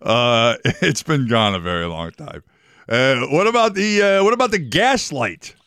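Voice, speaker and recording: A man's voice: medium pitch, sing-song, measured pace, a bit bright, smooth, no echo. A man co-hosting a radio show, chatting in a playful, joking way and laughing easily. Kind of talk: casual radio banter.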